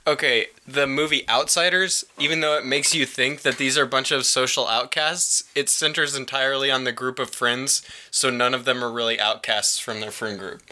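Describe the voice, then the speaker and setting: A young man co-hosting a casual podcast, delivering jokes deadpan with lots of ums and pauses. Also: mid-range voice. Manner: deadpan, hesitant with many ums. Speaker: podcast co-host. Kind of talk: casual chat.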